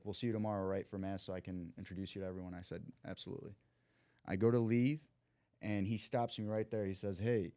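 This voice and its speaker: Young man, deep dark voice, smooth, casual storyteller, slangy, acts out dialogue, dry close mic. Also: no room sound. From Cleveland, USA. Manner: lively storyteller who acts out quoted dialogue; loose slang and frequent "like" fillers. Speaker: podcast guest.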